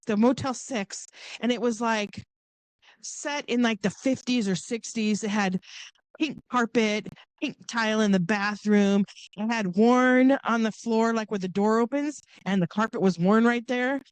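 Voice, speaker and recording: A woman's voice: unhurried, no echo. A middle-aged woman from Southern California, a podcast guest casually telling a long personal story and acting out the voices of the people in it. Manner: animated, acts out quoted voices with big pitch jumps.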